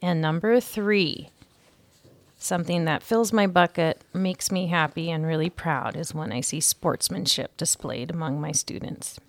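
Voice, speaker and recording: A woman teacher reads a children's chapter book aloud for young listeners, giving each character a voice. Her voice is lowish with a gravelly edge, recorded dry and close. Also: measured pace, dry recording. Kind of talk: storybook read-aloud.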